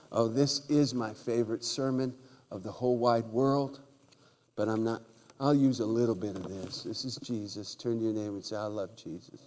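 A man preaching a humorous sermon in a church, telling jokey stories and breaking into loud shouts. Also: lowish voice, fairly even intonation, normal speed. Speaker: guest preacher. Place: church sanctuary. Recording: large hall with long reverb.

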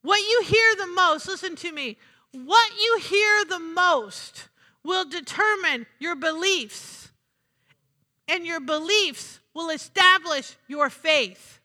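A woman's voice: very high voice, lively intonation, slow pace, pushed and bright. A woman preaching a sermon in a church, emphatic, repeating her phrases and asking the congregation "Amen?". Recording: long hall reverb.

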